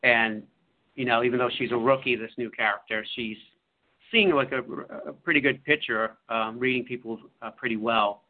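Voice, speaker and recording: A man, an author, talking about his book in a halting way with many fillers. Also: medium pitch, fairly even intonation. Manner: halting, full of fillers and restarts. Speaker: author being interviewed. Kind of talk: casual radio interview. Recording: phone-like line.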